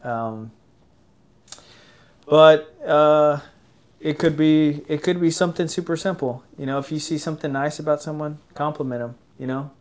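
A man's voice: fairly high pitch, normal speed. A man in his thirties, a podcast guest and father, speaking earnestly and casually about faith and family. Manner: earnest, faith-focused talk. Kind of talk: casual chat.

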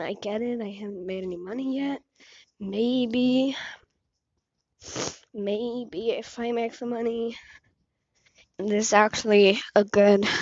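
A woman's voice: a little high, no echo. A teenage girl with an Icelandic accent, sick with a sore throat, rambling in a self-deprecating way while she walks outdoors. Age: teens. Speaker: podcast host. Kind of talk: casual rambling monologue. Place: outdoors, walking along a street. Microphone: cheap earbud headphone mic. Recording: dull lo-fi earbud mic.

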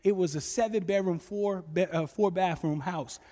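A man preaching a sermon, telling stories in an animated way with bursts of shouting. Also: high-pitched, moderate pace. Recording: long reverb with faint music.

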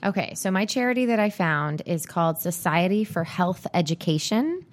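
Her voice is lowish and animated, at a moderate pace. As a co-host on a casual podcast, this woman is relaxed and agreeable, frequently adding brief responses.

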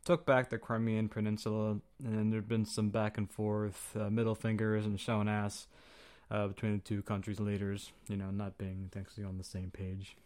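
A man's voice: on the low side, completely flat delivery, moderate pace, a little mellow. A young man hosting a podcast, talking in a flippant, profane, slangy way and acting out quotes as he goes. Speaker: podcast host. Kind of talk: casual opinion monologue.

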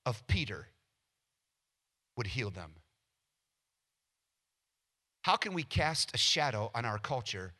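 Bright-voiced animated male preacher. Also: a little high. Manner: animated, acts out little scenes with quoted voices. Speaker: pastor. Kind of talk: sermon.

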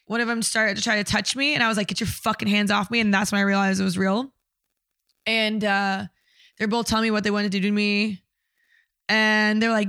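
A woman's voice: mid-range voice, moderate pace, sharp tone, clean tone, no echo, studio quality. A young woman telling a personal story in casual conversation, candid and blunt, swearing often.

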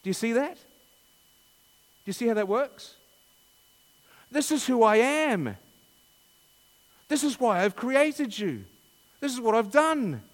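A man's voice: very high voice, very animated, takes it slowly, pauses often, big-room sound. A man preaching a sermon, asking rhetorical questions and reading scripture dramatically.

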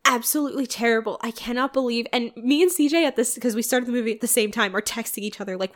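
A young woman with a fairly high voice recaps a movie in casual chat. She is animated and incredulous, swearing freely as she reacts. She sounds like a podcast host venting to a friend. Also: fast, few pauses.

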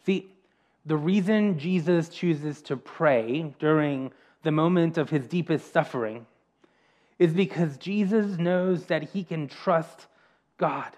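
Earnest preacher man, slightly high voice. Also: a little mellow. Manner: earnest, repeats phrases slowly for emphasis. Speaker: pastor. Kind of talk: sermon.

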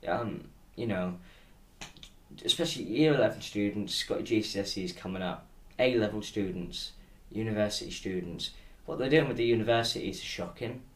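A British man with a somewhat low voice rants through a casual solo podcast. He sounds exasperated and sarcastic, and he swears freely. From United Kingdom. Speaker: podcast host.

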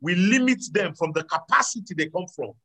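A man preaching a sermon to a live audience, animated, swinging between loud exclamations and quiet asides. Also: high-pitched, brisk, poor audio. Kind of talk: sermon with audience call-and-response.

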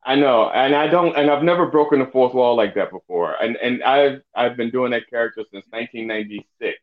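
Swearing comedian rambling on a dull line. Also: male voice, mid-range voice, fairly quick. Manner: rambling storyteller, swears freely, many restarts. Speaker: comedian guest. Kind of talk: casual podcast chat.

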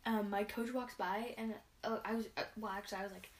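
A woman's voice: mid-range voice, steady tone, a little fast, a little hiss or hum. A teenage girl ranting casually into her camera from her bedroom, rambling and exasperated, sighing often and restarting her sentences. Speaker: vlogger and gymnast.

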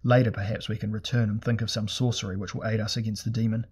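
A man's voice: lowish voice, flat delivery, quick pace, darkish tone, breathy edge. A man voicing a grim, sardonic sorcerer prince who speaks in a formal, archaic way in an audiobook.

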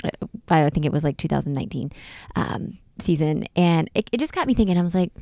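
A woman's voice: brisk, no echo, clean studio sound. A woman co-hosting a casual chat show, telling stories animatedly and swearing freely. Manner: animated storyteller, swears freely, jumps into high exclamations. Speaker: podcast co-host.

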